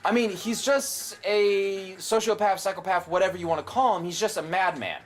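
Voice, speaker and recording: A man's voice: high voice, normal speed. A young man casually commentating a video game, rambling and opinionated, with frequent swearing. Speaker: gameplay commentator. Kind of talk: casual let's play commentary.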